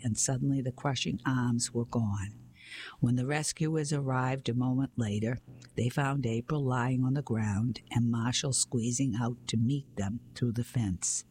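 A man reading a children's mystery story aloud in a steady storytelling way, sometimes going back to reread a phrase. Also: mid-range voice, breathy edge. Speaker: narrator.

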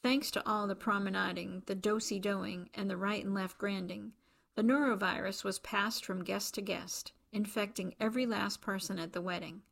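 Woman narrator, audiobook reading, gravelly undertone, middle pitch. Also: fairly even intonation, normal speed, a bit bright. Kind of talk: scripted narration.

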